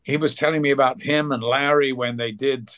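A man, a guest actor in a podcast interview, telling long backstage stories in a relaxed, meandering way. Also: mid-range voice, brisk.

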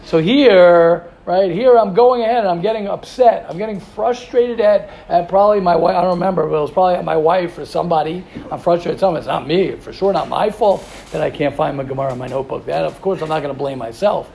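Gravelly man teaching a Torah class. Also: sits high, fast, hardly any pauses. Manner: animated, repetitive, rhetorical questions. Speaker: yeshiva teacher. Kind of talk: Torah class talk to students.

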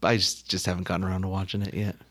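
Animated man in casual podcast chat. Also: very fast. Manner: animated, jumps pitch up when excited or arguing. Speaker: podcast co-host.

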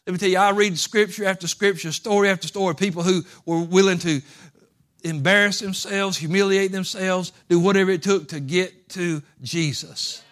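Folksy preacher, high and bright. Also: male voice, fairly even intonation, moderate pace. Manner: folksy, swings from quiet asides to impassioned pleading. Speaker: pastor. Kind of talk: sermon.

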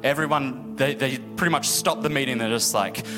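A man's voice: mid-range voice, moderate pace. A man preaching a sermon as pastor, casual and joking, acting out the people in his story. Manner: casual, joking asides and acted-out quotes. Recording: echoey hall with music behind.

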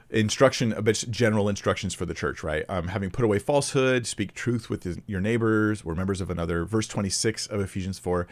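A man's voice: sits low, a little mellow. A man giving an informal Bible teaching in a conversational way, thinking aloud with fillers and restarts. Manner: reads scripture with rising emphasis. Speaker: preacher.

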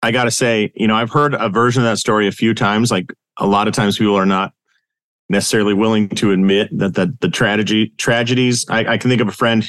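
A man hosting an interview podcast, chatty and relaxed, with lots of fillers and casual swearing. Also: on the low side, quick pace, no room sound, clean studio sound. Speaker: podcast host.

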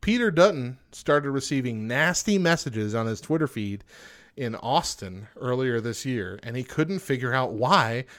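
A man's voice: medium pitch, expressive, unhurried, a bit bright. Laughing man reading trivia. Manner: jokey, laughs often, reads trivia then riffs. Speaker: podcast co-host. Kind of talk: casual chat, reading facts.

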